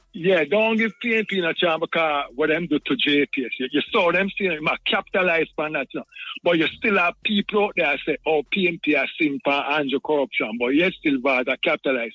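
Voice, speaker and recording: A Jamaican man rambles in patois over a muffled phone line, stumbling over repeated words. His voice sits a little high for a man and sounds dry and close. He talks as a caller on a radio show. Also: sharp tone, no room sound. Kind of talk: call-in radio talk.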